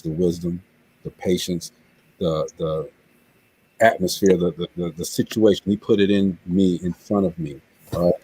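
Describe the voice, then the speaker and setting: A man's voice: sits low, mellow, slightly rough, low-quality recording. A male show host giving an earnest, preachy closing talk, stumbling and repeating words as he gets emotional. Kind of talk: heartfelt closing talk on a live web show.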